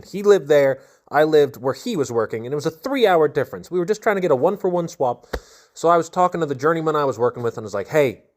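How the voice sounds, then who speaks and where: A young man casually telling a funny, self-deprecating story from his construction work days. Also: medium pitch.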